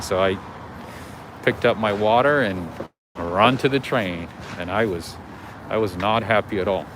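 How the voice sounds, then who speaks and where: Strolling city streets on a casual livestream, a man tells stories and chats with viewers while reading their comments aloud. His voice sits fairly low, he speaks unhurriedly with frequent pauses, and background noise is audible.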